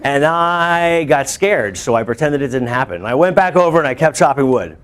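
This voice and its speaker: A male teacher telling a lively personal story to his students, breaking into shouts and laughter. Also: on the high side, moderate pace. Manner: animated, bursts into shouts and laughs while telling. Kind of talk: storytelling to a class.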